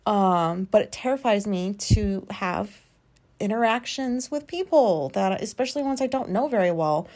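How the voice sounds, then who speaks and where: A woman's voice: mid-range voice, animated, normal speed, darkish tone. Woman in her thirties, solo podcast host, rambling, casual, swears freely, plenty of ums and likes, recorded at home. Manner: casual, frank, swears freely, lots of fillers. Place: home, sitting in a recliner.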